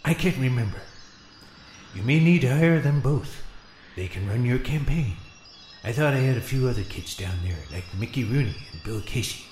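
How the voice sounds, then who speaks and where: Brief: man impersonating a sleepy old president ghost, rambling and forgetful, mid-pitched, roomy echo. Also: animated, darkish tone, a little hiss or hum, close to an everyday voice. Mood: drowsy. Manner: rambling, forgetful, halting with many fillers. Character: doddering sleepy former president playing a ghost. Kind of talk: radio comedy sketch.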